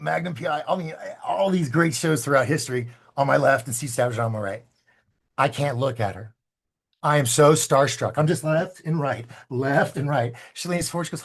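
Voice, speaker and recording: A man's voice: a little high, creaky, husky. A man, a filmmaker guest, telling stories in a casual interview and acting out the voices of the people he quotes. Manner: animated, acts out quoted dialogue.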